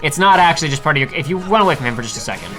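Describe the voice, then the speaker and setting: A man's voice: fairly high pitch, animated, very fast, over loud music. A man casually chatting through a video game playthrough, explaining menus and poking fun at himself. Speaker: co-host guiding a let's play. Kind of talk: casual gameplay chat.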